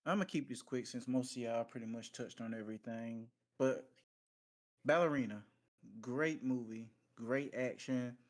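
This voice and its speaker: A man reviewing a film in a casual podcast chat, laid-back and measured. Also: medium pitch. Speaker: podcast co-host.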